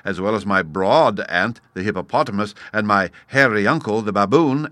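A man's voice: on the low side, pushed and bright, dry recording. A man voicing a polite, curious young male elephant calf in a storybook reading. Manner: very polite, plaintive.

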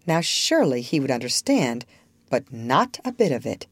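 A woman narrating a storybook aloud in an expressive, gently wistful way. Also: extremely low pitch, moderate pace, dry recording, clean studio sound. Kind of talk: storybook reading.

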